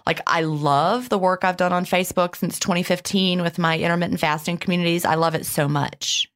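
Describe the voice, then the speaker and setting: A woman with a low voice chats on her podcast, open and emotional. She laughs often and restarts her sentences as she talks. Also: fairly even intonation, a little fast, fairly bright tone. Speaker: podcast co-host. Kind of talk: casual podcast chat.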